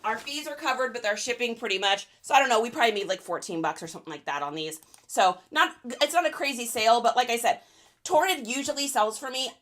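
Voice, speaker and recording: A woman hosting a casual livestream while packing orders, chatty and high-energy. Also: fairly bright tone. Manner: high-energy, chatty, reads out viewer names. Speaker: reseller livestream host.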